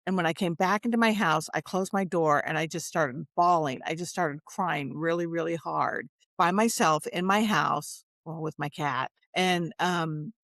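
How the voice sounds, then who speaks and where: A woman's voice: deep voice, unhurried, creaky, hardly any pauses, a bit bright, no room sound, studio quality. A woman hosting a candid talk, speaking earnestly and openly about her feelings. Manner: earnest, open, reflective, emotional. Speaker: show host in recovery. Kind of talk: candid conversation.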